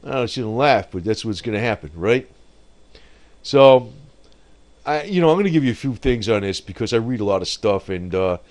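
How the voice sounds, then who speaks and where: A man's voice: lowish voice, expressive, moderate pace, a little mellow. A man giving rambling, off-the-cuff commentary on markets and the economy, often breaking into laughter at his own remarks.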